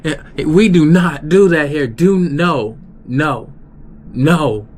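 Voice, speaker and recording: A man's voice: fairly high pitch, takes it slowly, darkish tone, voice pushed up. A man voicing a heated, tall male coworker who scolds insistently and repeats himself. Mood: heated scolding.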